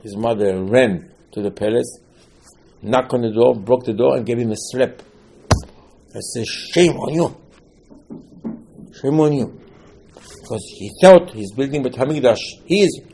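A man's voice: mid-range voice, normal speed, gravelly, warm tone, a little hiss or hum. A man giving a sermon on scripture, telling the stories with animation, acting out the quotes and repeating key words for emphasis. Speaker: religious teacher.

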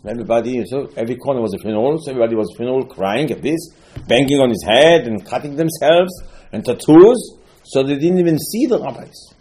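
A man's voice: medium pitch, expressive, quick pace, darkish tone, a little hiss or hum. A man teaching Talmud in an informal lecture, telling stories animatedly, asking rhetorical questions and often restarting his sentences.

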